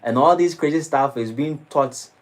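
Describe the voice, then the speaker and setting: A man preaching a sermon in a temple, dramatic and lively. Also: fairly high pitch, moderate pace, poor audio. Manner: dramatic, shifting into mocking acted quotes. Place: temple hall.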